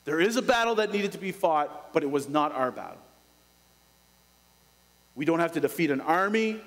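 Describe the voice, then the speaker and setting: A male pastor preaching a sermon, dropping to a hush and then rising with urgency. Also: on the high side, expressive, moderate pace, long reverb tail, poor audio. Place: church.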